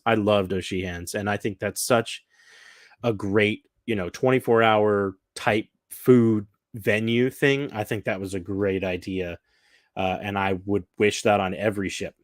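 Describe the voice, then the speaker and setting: A cruise vlogger chatting casually, his voice sitting a little low. He talks with bubbly enthusiasm and wanders through his points with plenty of ums and likes. The sound is close and dry, with no room around it. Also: dry recording. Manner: chatty and enthusiastic, rambling with fillers. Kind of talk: casual chat.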